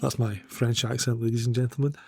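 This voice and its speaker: A man's voice: mid-range voice, little pitch movement, fairly quick, creaky, darkish tone. A man co-hosting a podcast, talking in an easygoing, dry, joking way. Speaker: podcast co-host. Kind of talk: casual chat.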